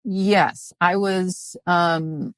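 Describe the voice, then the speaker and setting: A woman in her fifties from Mississippi, a comedian chatting as a guest in an interview in a dry, halting way, full of restarts and fillers. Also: lowish voice, steady tone, a bit bright, clear, resonant tone, no echo. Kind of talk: casual interview chat.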